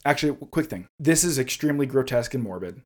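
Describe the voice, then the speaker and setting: Excitable man chatting on a podcast. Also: medium pitch. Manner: excitable, reads a passage aloud in a measured storytelling voice. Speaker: podcast co-host. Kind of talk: casual chat about a video game.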